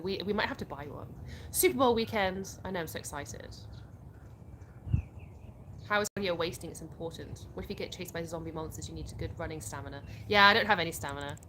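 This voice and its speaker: Outdoors with a noisy background, a young woman from England runs a relaxed livestream on her phone. She speaks fairly quickly in a voice on the low side, chatting, laughing easily, and reading out viewers' comments.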